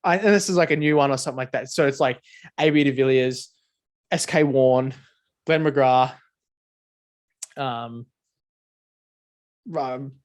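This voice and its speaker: A man's voice: medium pitch, a little slow, pauses often. A man co-hosting a casual podcast chat, rambling and sweary with lots of filler words. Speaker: podcast co-host. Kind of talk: casual chat over beers.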